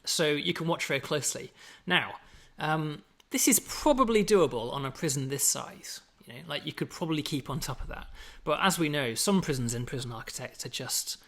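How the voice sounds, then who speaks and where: A game developer from England talks through a game update in a chatty, explanatory way, his slightly high, a bit bright voice quick with few pauses and lively intonation. It's a casual gameplay walkthrough peppered with British slang and plenty of "you know" and "right?".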